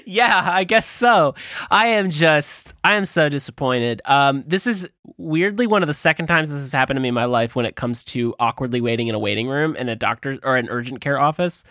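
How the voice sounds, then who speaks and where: Lively, bright-voiced male podcast host. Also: medium pitch, moderate pace, no echo, clean studio sound. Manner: animated, acts out quoted voices. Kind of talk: casual storytelling chat.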